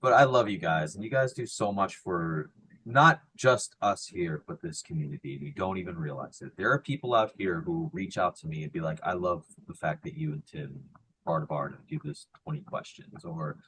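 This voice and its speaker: A very deep-voiced man co-hosts a casual live chat and swings between loud, joking outbursts and quiet sincerity. A faint hiss of noise sits under his voice. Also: lively intonation, moderate pace. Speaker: podcast co-host.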